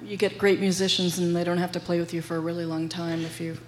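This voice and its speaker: Woman cohost raised in madison, lowish voice, laughs a lot, faint hum in the room. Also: flat delivery, quick pace. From Madison, Wisconsin. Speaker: co-host. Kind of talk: casual interview chat.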